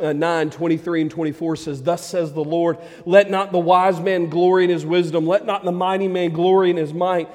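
High-voiced preacher in a reverberant hall. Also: male voice. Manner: emphatic preaching with sudden drops to a hushed tone. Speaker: pastor. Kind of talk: sermon. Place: church sanctuary.

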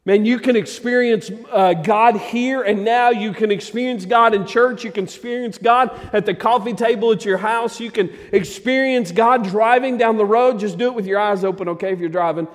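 High-voiced preacher in a reverberant hall. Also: male voice, moderate pace, few pauses. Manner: emphatic preaching with sudden drops to a hushed tone. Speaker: pastor. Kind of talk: sermon. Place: church sanctuary.

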